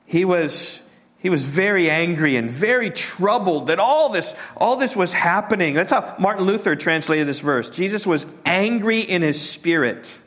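A male pastor preaches in a voice pitched a little above the usual for a man, halting over his words and often repeating them. He sinks into a soft, near-whispered hush when a point turns tender. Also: expressive. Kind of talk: sermon.

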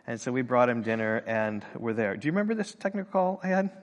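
A man's voice: medium pitch, sing-song, quick pace, long reverb tail. An older man preaching a sermon, telling stories and acting out people's voices in quotes. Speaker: pastor.

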